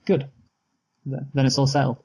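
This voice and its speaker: A man's voice: medium pitch, completely flat delivery, normal speed, creaky, dark tone, slight background noise, low-quality recording. A man co-hosting a casual movie review chat, teasing his partner and steering the talk along. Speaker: podcast co-host.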